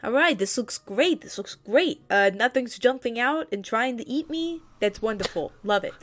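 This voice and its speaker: A woman voicing a jittery small male gnome tavern keeper, talking in rapid, upbeat bursts full of fillers. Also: fairly high pitch, lively intonation, slight background noise, voice pushed up, lightly acted. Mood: cheerful.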